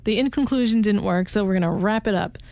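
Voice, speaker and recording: A woman's voice: mid-range voice, fast, darkish tone. A woman co-hosting a casual movie review podcast, talking in a chatty, rambling way that often breaks into laughter. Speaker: podcast co-host.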